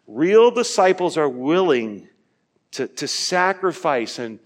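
Earnest preacher with a fairly high voice. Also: male voice, sing-song, takes it slowly. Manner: earnest, rising to emphatic peaks and dropping to quiet asides; asks the listeners direct questions. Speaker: pastor. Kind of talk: sermon.

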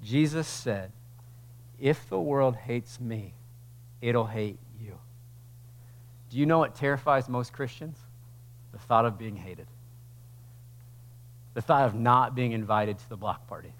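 Male pastor, mid-pitched voice, talky sermon delivery that climbs into loud, slowed passages. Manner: conversational preaching that swells into loud, slow emphatic passages. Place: church sanctuary.

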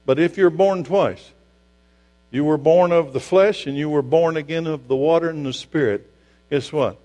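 A man preaching a sermon as pastor, emphatic, asking the congregation rhetorical questions and swinging from loud to hushed. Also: a little high, normal speed. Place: church sanctuary. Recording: long hall reverb with mains hum.

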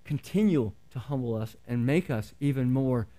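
A man's voice: medium pitch, expressive, normal speed, mellow. Earnest man preaching a sermon. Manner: earnest, conversational preaching with rhetorical questions. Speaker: pastor.

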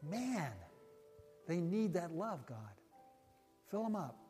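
Soft music plays in the background as a male pastor with a high, expressive, slow voice preaches in a church sanctuary with big-room sound. He leads an altar-call prayer in an earnest, folksy way, repeating phrases and falling to a hush as he prays.

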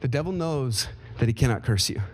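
A man preaching a sermon as pastor, telling a scripture story with animated energy and some fillers. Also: a little fast, slight background noise. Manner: animated storytelling, rising pitch when excited. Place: church sanctuary. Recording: long reverb of a large hall.

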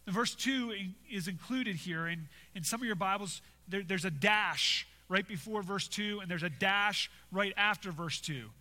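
Brief: male preacher, bright forceful tone, emphatic repeats, echoing sanctuary. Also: sits high, normal speed, few pauses. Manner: emphatic, repeats phrases, rhetorical "right?". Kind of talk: expository sermon. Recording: long hall reverb.

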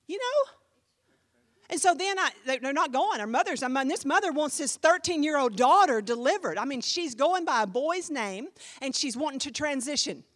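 A woman pastor teaching a class, telling a story in an animated, emphatic, chatty way full of fillers. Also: sits high, normal speed, no echo, clean studio sound.

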